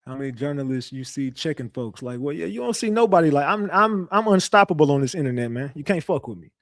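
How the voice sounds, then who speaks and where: A man's voice: on the high side, animated, fast talker, a bit bright, no echo, studio quality. Brash, profane man hosting a livestream. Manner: brash, profane, boastful trash talk. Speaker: online show host. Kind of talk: livestream commentary.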